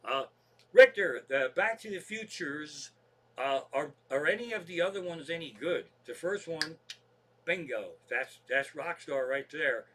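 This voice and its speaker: A man's voice: a little high, lively intonation, unhurried, noisy background. A man hosting his own comedy show, rambling through stories in a casual monologue and swearing constantly.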